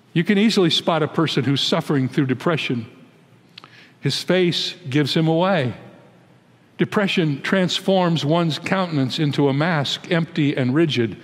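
An American man in his eighties, a pastor giving an emphatic, deliberate sermon in a large church. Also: on the high side, expressive, big-room sound. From United States. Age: 80s. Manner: emphatic, deliberate preaching that rises into pleading when quoting prayers.

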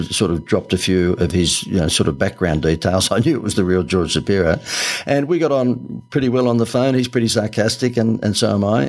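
This middle-aged Australian, an ad agency founder, has a fairly low, gravelly voice as he shares stories in a podcast interview, chatting freely, laughing often and leaning on plenty of fillers.

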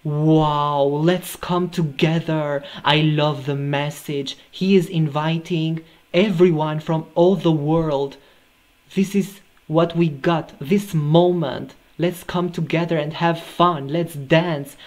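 A man's voice: on the high side, fairly even intonation, slow pace, a little mellow. A man recording a music reaction video. He gushes with repeated exclamations of delight. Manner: gushing and effusive, repeating exclamations. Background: faint music from the video being watched.

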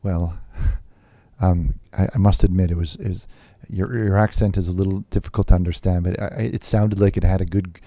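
A man playing a nervous televangelist host on a call-in show, talking haltingly with many fillers and restarts. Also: sits low, steady tone, dark tone, dry recording. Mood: flustered.

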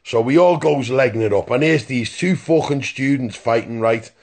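A man's voice: mid-range voice, moderate pace, a little mellow. A man telling a rambling, profane story in a phone voice message, stopping often to ask "right?". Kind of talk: casual voice-note anecdote.

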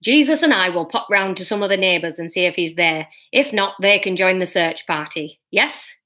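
A woman voicing a brisk, practical father who takes charge while reading a storybook aloud. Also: lowish voice, bright, forceful tone. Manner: brisk and organising.

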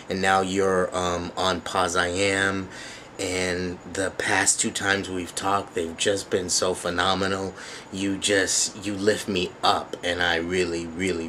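A man's voice: low voice, a bit bright, slight background noise. A man vlogging casually at home, chatty and gushing with thanks, with lots of fillers. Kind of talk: casual thank-you vlog. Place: at home, sitting.

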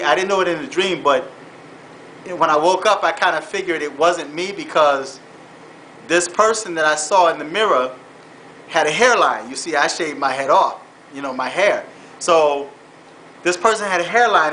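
Earnest man recounting a dream, forceful. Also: on the high side, slight background noise, poor audio. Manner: earnest, halting, repeats words and says "man". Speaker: vlogger. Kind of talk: personal storytelling turning into faith-based exhortation.

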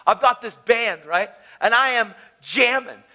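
A man's voice: very high voice, measured pace, bright, forceful tone. A man preaching a testimony at a conference, telling his story in a casual, slangy way. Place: conference hall.

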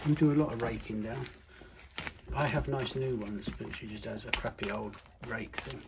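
A nursery owner chats casually outdoors at a hillside nursery, the recording noisy with outdoor sound. His mid-range voice holds a steady tone at a normal speed. He's blunt and swears freely.

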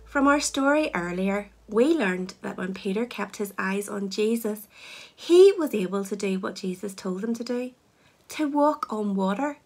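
A woman leading children's church, explaining a Bible lesson in a clear, teacherly way. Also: medium pitch, animated, measured pace.

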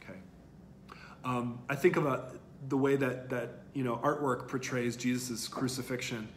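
A man's voice: medium pitch, steady tone, normal speed, slight background noise. A male college lecturer giving an online lecture in a conversational way, thinking aloud with fillers and restarts.

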